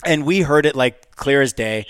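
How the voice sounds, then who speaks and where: A man co-hosting a podcast, telling a story in an animated way and swearing at times. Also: medium pitch, moderate pace, clear, resonant tone, dry recording, studio quality. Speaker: podcast co-host. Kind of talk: casual storytelling.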